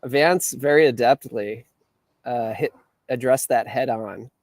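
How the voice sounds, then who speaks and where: Casting note: male host, middle pitch, dry close sound, measured and lightly professorial. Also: a little mellow, no room sound. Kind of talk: casual political chat.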